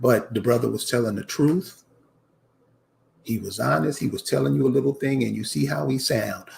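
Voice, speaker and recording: A mid-range, gravelly, somewhat mellow male voice at a moderate pace, with a little hiss or hum in the recording. The channel host rants casually and emphatically, repeating himself and addressing viewers directly as "y'all."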